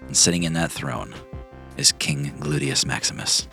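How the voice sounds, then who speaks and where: Deep-voiced man narrating a tabletop game. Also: moderate pace, creaky, faint music behind. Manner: descriptive, relaxed narration. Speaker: game master.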